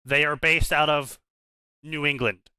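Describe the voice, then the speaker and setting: Male co-host, raised pitch, clear resonant tone, profane rambling rants. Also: steady tone, measured pace, bright, forceful tone, no echo. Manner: ranting, profane, repeats words when starting. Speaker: podcast co-host. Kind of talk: casual banter.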